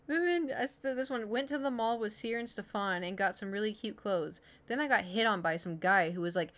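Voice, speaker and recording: A woman in her thirties from Oklahoma, USA, streams herself reading her old diary entries aloud, giggly and self-mocking, chatting with lots of fillers. Her voice is medium-pitched and fairly bright, with lively intonation and a moderate pace.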